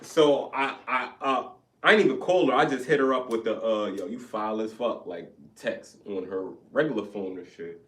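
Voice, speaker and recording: Brief: young man, casual podcast storyteller, animated and profane, a bit off-mic in a roomy space. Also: medium pitch, normal speed, recorded from a distance, slight background noise. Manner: animated, profane, acts out both sides of arguments. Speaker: podcast co-host. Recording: echoey room, off-mic.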